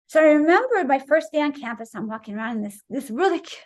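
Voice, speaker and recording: A woman in her sixties from Wisconsin, a guest telling an animated story in an interview and acting out the voices she quotes. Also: high voice, quick pace. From Wisconsin, USA. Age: 60s.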